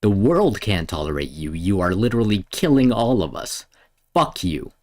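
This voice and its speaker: A man streaming, ranting angrily and swearing, swinging between loud outbursts and low mutters. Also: very animated, normal speed. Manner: heated, swearing, lurching between shouts and mutters. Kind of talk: angry profane rant.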